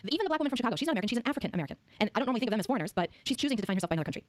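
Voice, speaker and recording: A woman's voice: fairly high pitch, sing-song, racing, no echo. A woman co-hosting a podcast, talking politics in an emphatic, indignant way. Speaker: podcast co-host. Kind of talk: casual political chat.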